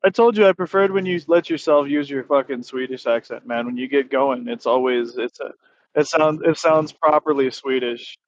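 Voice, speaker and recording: A man's voice: medium pitch, moderate pace, highs cut off, slight background noise. A man in casual chat, emphatic and argumentative, swearing and calling his friend bro.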